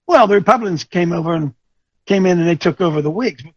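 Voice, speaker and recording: A man coaching an audience, speaking in an animated, teasing way that quizzes listeners with questions and thinks aloud. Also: high voice, quick pace, no echo, muffled recording. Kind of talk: lecturing talk with rhetorical questions.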